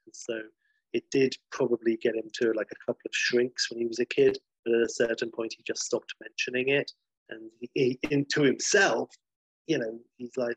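A man tells a story in a loose, rambling way, swearing freely and restarting sentences as he goes. His voice is a bit husky, and the recording sounds dull and dry, with no room around it. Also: mid-range voice, fairly even intonation, moderate pace, no echo. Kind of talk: casual storytelling.

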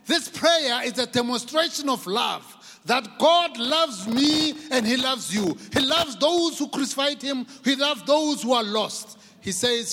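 A South African man preaching a passionate sermon as pastor, repeating key phrases and rising to shouts for emphasis. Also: very high-pitched, animated, measured pace. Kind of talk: impassioned sermon. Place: large church hall. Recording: long reverb of a large church hall.

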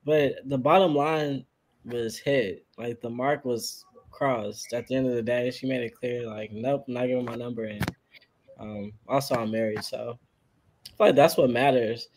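A man's voice: mid-range voice, steady tone, normal speed, a little mellow. A man on a podcast panel, easygoing and reasonable, with the odd dry joke. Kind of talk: casual panel chat.

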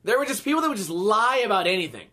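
Speaking fast in a high-pitched voice, this man in his thirties hosts a podcast where he spins profane, casual stories. He's animated and performs the voices of anyone he quotes.

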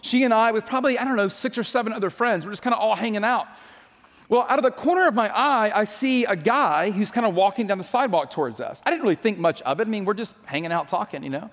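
Man, high-pitched voice, pastor, sermon storytelling, joking and chatty, lingering hall reverb. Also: lively intonation, fast talker, a bit bright.

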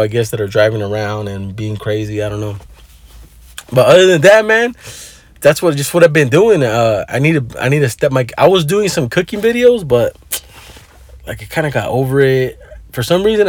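A man's voice: mid-range voice, lively intonation, fairly quick, dry recording. Dude ranting into his phone, swears a lot, drops spanish words, dry close sound. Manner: profane, laid-back, mixes in Spanish words. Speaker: vlogger. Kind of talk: casual rambling story.

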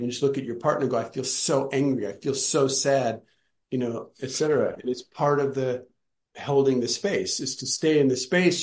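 A man's voice: medium pitch, roomy sound. A man leading a study group, talking in a reflective, searching way that repeats and restarts phrases. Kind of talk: casual group talk.

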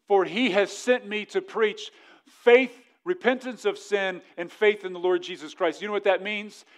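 A male pastor preaching a sermon fervently, dropping to a hush and then rising to emphatic points. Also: high-pitched. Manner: mocking voices of others in quick asides.

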